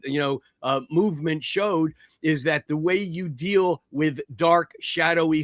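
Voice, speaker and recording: A man speaking as a panel guest, explaining his ideas thoughtfully, with halting restarts. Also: fairly high pitch, a bit bright, no echo, studio quality. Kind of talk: panel talk, reflective explanation.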